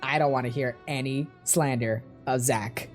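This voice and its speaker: A woman's voice: a bass voice, fairly even intonation, moderate pace, faint music behind. A woman co-hosting a casual fan discussion, talking in an emotional, gushing way and rambling with lots of fillers. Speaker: podcast co-host.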